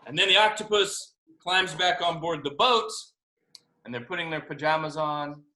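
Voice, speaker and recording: A man, a children's author, reading his picture book aloud to first graders over a video call, expressive and asking them questions. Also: a little high, normal speed. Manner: animated, expressive, asks kids questions. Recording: roomy video call audio.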